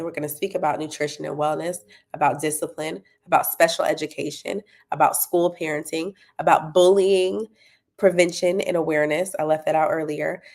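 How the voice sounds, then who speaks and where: A woman's voice: deep voice, darkish tone. A woman running a parenting talk, encouraging and checking in with her listeners as she promotes her tutoring company. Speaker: parenting coach and tutoring business owner.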